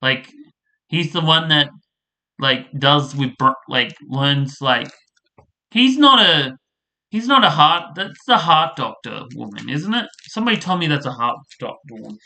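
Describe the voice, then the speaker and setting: Slow, bright-voiced ranting man. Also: a little high, expressive. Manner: profane, exasperated, rambling. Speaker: vlogger reviewing a soap opera. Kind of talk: casual ranting commentary.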